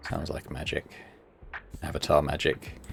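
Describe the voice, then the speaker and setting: A man hosting a relaxed gameplay video, muttering to himself as he decides. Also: rumbling low, measured pace, creaky, music in the background. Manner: laid-back, muttering to himself while deciding. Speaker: gaming channel host.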